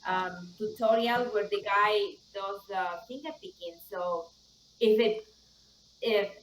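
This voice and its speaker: A woman's voice: mid-range voice, slow pace, slight background noise, poor audio. A woman taking a guitar lesson, answering in hesitant bits and laughing easily. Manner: laughs easily, short reactions and hesitant explanations. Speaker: guitar student. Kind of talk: casual lesson talk.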